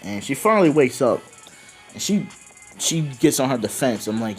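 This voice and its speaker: A man improvising a casual fan-fiction story in first person, loose and excited, swearing and acting out the dialogue with lots of fillers. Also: lowish voice, measured pace, pauses often, faint music behind.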